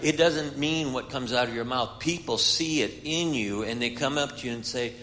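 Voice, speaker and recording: A man's voice: medium pitch, moderate pace, pushed and bright. A man preaching a sermon, retelling a Bible story and voicing its characters. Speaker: guest preacher. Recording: hall reverb.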